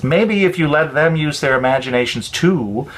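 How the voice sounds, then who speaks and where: A man reading the part of caring fathers gently coaxing their son. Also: fairly high pitch, animated, normal speed, low-quality recording. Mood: gentle.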